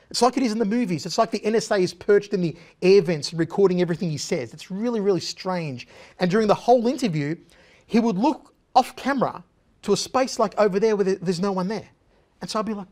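A middle-aged man telling a comic anecdote as a guest on a talk show, animated and chatty. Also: sits high, fast. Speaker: guest, former TV interviewer. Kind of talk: casual storytelling anecdote.

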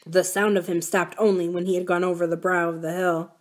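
Library reader, woman, calm novel narration. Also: lowish voice, brisk. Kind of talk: reading a novel aloud.

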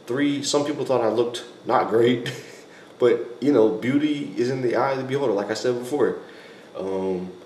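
A man's voice: mid-range voice, darkish tone. A young man hosting a casual vlog, answering viewer questions in a rambling, self-correcting way and laughing often. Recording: echoey room, faint background noise.

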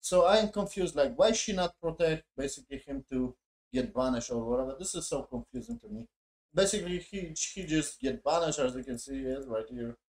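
A man's voice: fairly high pitch, lively intonation, fairly quick, darkish tone. A man reviewing a show in a profane, mocking, exasperated casual rant. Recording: echoey room.

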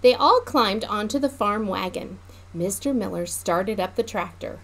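A woman children's librarian reading a picture book aloud to preschoolers in a slow, sing-song, teacherly way. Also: mid-range voice, animated, fairly bright tone.

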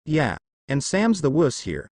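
A man voicing a gruff young male monster hunter who talks with a drawl in a fan story reading. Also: on the high side, wildly swooping pitch, unhurried, a little mellow, no echo, full character voice. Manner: drawling, menacing.

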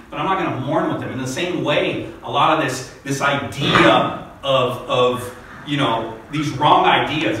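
A man's voice: on the high side, bright, forceful tone, recorded from a distance, a little hiss or hum. A male pastor preaching a sermon, rising to emphatic peaks and often asking "right?" as he talks. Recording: echoey hall, speaker off-mic.

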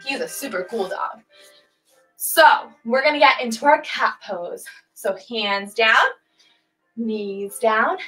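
A woman's voice: high-pitched, pushed and bright, poor audio. A woman in her twenties leading a children's yoga class over a livestream, playful and sing-song, barking and meowing along with the animal poses. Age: 20s. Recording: faint music behind the voice.

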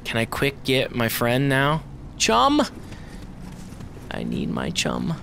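A man giving profane, excitable let's play commentary, swinging from mutters to shouts and talking to the enemies on screen. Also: mid-range voice, slow, gravelly, a little hiss or hum. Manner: talks to the game and its enemies. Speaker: gamer.

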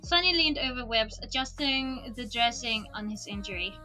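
A woman streamer reading a book aloud in a relaxed way, dropping small casual asides. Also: on the high side, moderate pace, faint music behind. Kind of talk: storybook read-aloud.

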